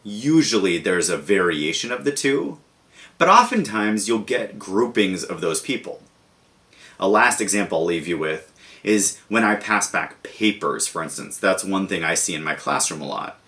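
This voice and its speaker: A young man with a fairly low voice teaches a lesson to students. He talks in a relaxed, conversational way and keeps tying ideas to everyday classroom examples. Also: normal speed. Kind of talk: lecture video for students.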